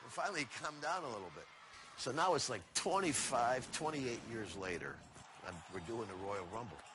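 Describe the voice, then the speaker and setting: An older man, a former wrestler, telling a backstage story in a casual, animated way and acting out the other people's voices. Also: mid-range voice, fairly quick, background noise. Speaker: retired wrestler. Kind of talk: anecdotal storytelling.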